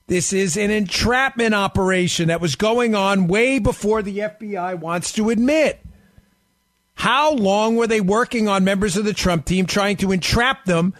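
A man's voice: sits high, fairly bright tone, no echo. A man hosting a political talk radio show, arguing animatedly and firing rhetorical questions straight at his listeners. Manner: addresses listeners directly.

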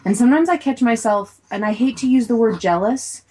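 A woman's voice: fairly high pitch, fairly quick. A woman in her thirties, co-hosting a casual talk show and speaking in a reflective way. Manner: reflective, soft-spoken musing. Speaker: co-host. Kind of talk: casual chat.

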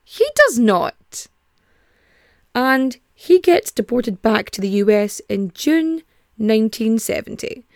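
A woman's voice: on the high side, animated, unhurried, darkish tone, dry recording, clean studio sound. A young woman hosting a podcast, telling a true-crime story in a chatty, digressive way with casual swearing. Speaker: podcast host.

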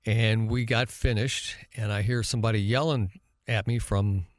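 A man co-hosting a radio podcast, telling a story in a relaxed, chatty way and acting out quoted lines. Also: on the low side, moderate pace, no room sound, studio quality. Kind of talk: casual storytelling chat.

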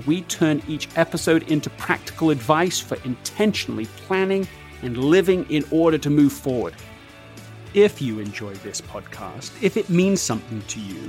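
A man hosting a podcast interview, calm and measured in his delivery. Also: on the high side. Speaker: podcast host.

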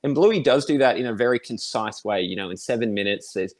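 An Australian man in his thirties, a podcast guest who thinks aloud in a relaxed, reflective way with many fillers. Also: fairly low pitch, fairly quick. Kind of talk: casual conversation.

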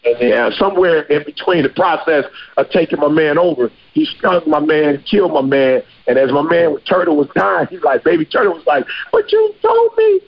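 A man's voice: on the high side, a little fast, vocal fry, few pauses, muffled recording. A man hosting a podcast, talking casually and emphatically with slang. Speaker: podcast host.

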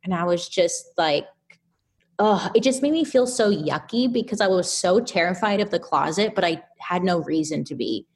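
A podcast guest in casual conversation, speaking in a somewhat low register. She tells her story in an animated, chatty way, leaning on fillers as she goes. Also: moderate pace, breathy edge.

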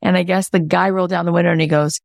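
A woman hosting an interview show, chatting casually and reacting with excitement. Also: fairly low pitch, very fast, vocal fry, dry recording, studio quality. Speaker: host. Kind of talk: casual chat.

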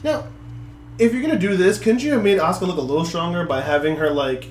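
Animated young man chatting. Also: sits high, quick pace, echoey room, a little hiss or hum. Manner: animated, laughs often. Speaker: podcast co-host. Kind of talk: casual wrestling chat.

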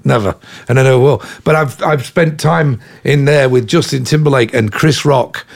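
A man in his fifties with an English accent, a rock musician chatting as an interview guest, telling animated anecdotes full of asides. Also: mid-range voice, moderate pace, creaky. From England. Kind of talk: casual interview storytelling.

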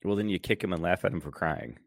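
A man co-hosting a casual podcast, talking in a sardonic, gruff way and cursing freely. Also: low-pitched, fast talker, no echo, clean studio sound. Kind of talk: casual banter.

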